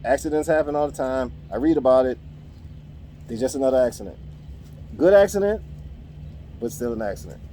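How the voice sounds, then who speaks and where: A man's voice: medium pitch, expressive, fairly quick, pauses often, warm tone, slight background noise. A man, the host of a podcast, ranting in a casual, profane way about his coworkers. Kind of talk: casual rant.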